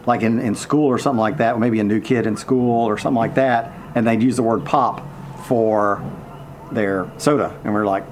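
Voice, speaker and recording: A man's voice: on the low side, steady tone, normal speed, a little hiss or hum. A man from Tennessee chatting easily, telling stories with small stumbles. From Tennessee, US South. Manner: easygoing, storytelling, some stumbles. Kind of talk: casual chat.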